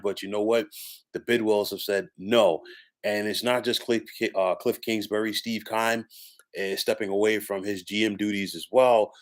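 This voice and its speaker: A man delivering a solo sports opinion monologue, emphatic and given to repeating stock phrases. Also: fairly low pitch. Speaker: sports commentator.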